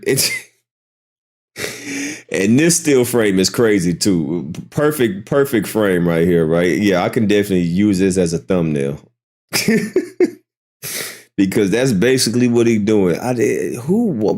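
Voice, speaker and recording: Slow, low-voiced man in disbelief. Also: sing-song, darkish tone. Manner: incredulous, fires rhetorical questions. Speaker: reaction commentator. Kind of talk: reaction commentary.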